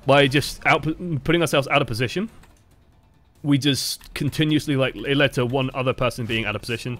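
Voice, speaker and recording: A man's voice: mid-range voice, steady tone, a little fast, fairly bright tone. An English man coaching over gameplay footage, talking in a casual, rambling and profane way. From England. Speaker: game coach. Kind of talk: gameplay review commentary.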